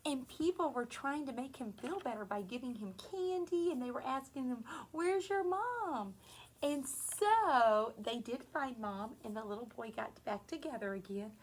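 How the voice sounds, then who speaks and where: High, gentle-voiced woman reading to kids. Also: lively intonation, low-quality recording. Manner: gentle, slow and sing-song, talking to small children. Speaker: preschool teacher. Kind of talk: reading a picture book to young children.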